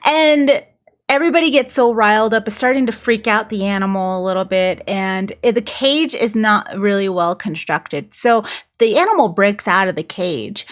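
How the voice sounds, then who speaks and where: Chatty woman recapping a book. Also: a little high. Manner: chatty, lots of "like" fillers. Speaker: book reviewer. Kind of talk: casual plot recap.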